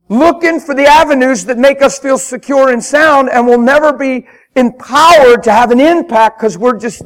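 A traveling male preacher with a strikingly high voice delivers an unplanned sermon in a church. He talks fervently and plainly, stacking repeated phrases and climbing into loud shouts. The sound comes from a pulpit microphone. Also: normal speed, hardly any pauses. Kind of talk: spontaneous sermon. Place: church hall with congregation.

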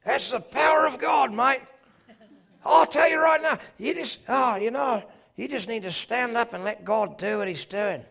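A man imitating a boisterous, fervent Australian preacher with an Australian accent, raised and shouting. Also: very high voice, moderate pace, gravelly, slightly rough, pitched above the performer's own voice, full character voice.

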